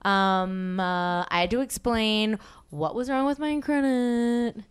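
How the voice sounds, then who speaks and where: A young woman hosting a podcast, telling a story in casual chat, animated and swearing often. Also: on the high side, slow, clean tone. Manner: animated, swearing, slips into excited quoted voices. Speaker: podcast host.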